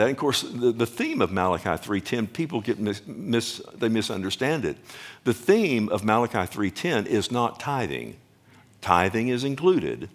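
A middle-aged man preaching a sermon as a pastor, talking loosely with restarts, often checking with the congregation, and building up louder and higher as he goes. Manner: rambling, repeats himself, asks the congregation "amen?".

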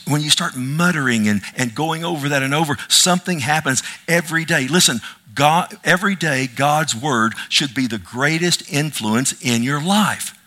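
A middle-aged man preaching a sermon, repeating words for emphasis and slipping in humorous asides. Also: mid-range voice. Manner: animated, repetitive emphasis with asides and self-deprecating humor. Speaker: pastor.

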